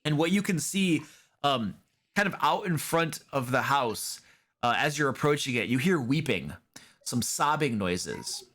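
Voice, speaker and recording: A man's voice: medium pitch, animated, unhurried, a bit bright. Rambling man running a tabletop game. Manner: loose and rambling, lots of fillers. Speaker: dungeon master. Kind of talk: casual tabletop game narration.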